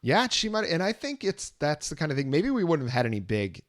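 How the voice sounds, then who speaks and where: A man co-hosting a music podcast, talking in a relaxed, rambling way in casual chat. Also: fairly high pitch, fairly quick, no echo, clean studio sound. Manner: relaxed, rambling, many "you know" fillers. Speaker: podcast co-host.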